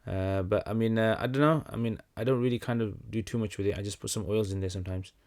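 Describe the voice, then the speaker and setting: A young man hosting a casual livestream Q&A, talking in a relaxed, conversational way with many fillers and restarts. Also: fairly low pitch, fast talker. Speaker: livestream host answering questions.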